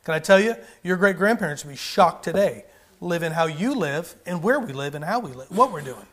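A man's voice: a little high, lively intonation, brisk, a bit bright. A man preaching a sermon with fervor, often rising and then dropping his volume. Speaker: pastor.

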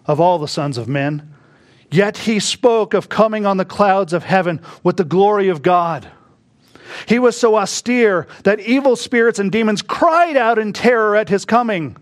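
A man preaching a sermon, moving between quiet, hushed reflection and sudden bursts of emphasis. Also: sits high. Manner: slow, reflective preaching that drops to a hush and rises to bursts of emphasis. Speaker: pastor.

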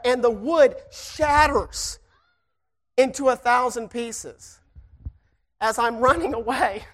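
A preacher telling a personal story to the church in a folksy, animated way and then preaching fervently. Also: medium pitch.

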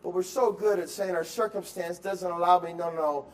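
A man preaching a sermon in a high voice. He drifts between soft, reflective stretches and loud, insistent exhortation, and he repeats words and restarts as he goes. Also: fairly even intonation, a little fast. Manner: swings from quiet musing to loud emphatic exhortation; acts out excuses in quoted voices. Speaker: pastor.

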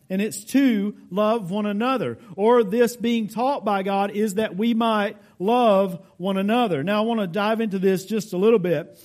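A man's voice: high voice, a little mellow. A pastor from the United States giving a verse-by-verse teaching sermon. He explains with care, lands hard on key words, and speaks straight to his congregation. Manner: deliberate, explanatory, stresses key words emphatically.

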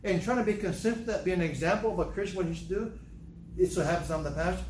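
A man's voice: high-pitched, fast, darkish tone, echoey room, slight background noise, rough recording. A man preaching a sermon as pastor. He repeats phrases and breaks into sudden raised outbursts.

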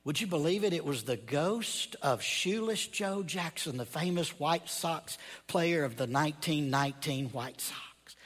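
Slow dramatic preacher man in a reverberant hall. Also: a little high, lively intonation. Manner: storytelling, slow and dramatic, dropping to a hush. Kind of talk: sermon.

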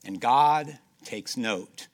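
In this sermon, a medium-pitched male preacher asks his congregation rhetorical questions and repeats key phrases, moving between loud, emphatic sections and soft, slowed ones.

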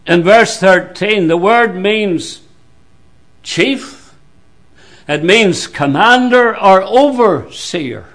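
A man preaching a sermon in a slow, deliberate way, with sudden drops to a hushed voice. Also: high voice.

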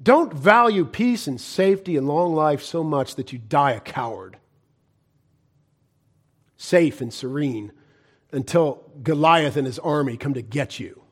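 Middle-aged preacher guy, pretty high voice, fiery sermon, goes from shouting to hushed. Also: lively intonation, measured pace, breathy edge. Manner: impassioned, swings from loud cries to hushed, low-voiced warnings. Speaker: pastor.

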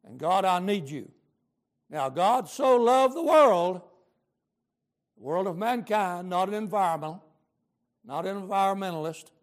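A man's voice: sits high, animated, unhurried, long pauses. A man preaching a sermon, fervent and emphatic, repeating lines for stress and using folksy grammar.

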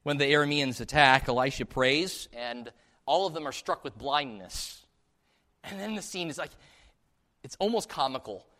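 Animated male preacher in a reverberant church. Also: medium pitch, moderate pace. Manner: animated storytelling, acting out quoted voices. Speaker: pastor. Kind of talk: sermon. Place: church sanctuary. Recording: long hall reverb.

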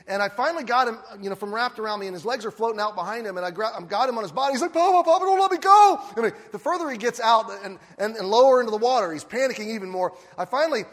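An older man preaching a sermon as a lively storyteller who acts out the scenes he describes. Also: sits high, racing, hardly any pauses. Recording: long hall reverb.

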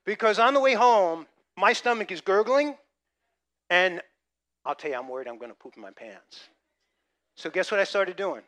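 A middle-aged male pastor preaches a sermon, telling jokes and acting out funny stories from his own life, complete with theatrical gasps. His voice sits high and sounds animated and a bit bright, moving at normal speed with long pauses.

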